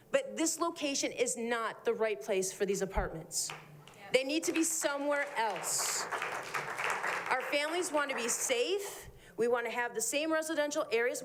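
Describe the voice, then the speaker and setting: A woman's voice: high-pitched, slight background noise. A woman from the Midwest giving an upset, emphatic public comment at a city planning meeting.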